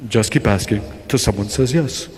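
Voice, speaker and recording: A man voicing a suave, deep-voiced sales mentor from Spain with a Spanish accent, speaking slowly and calmly. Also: lightly acted. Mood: calm, assured. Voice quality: very deep, slow and smooth. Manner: calm, unhurried, matter-of-fact. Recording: echoey conference hall with audience.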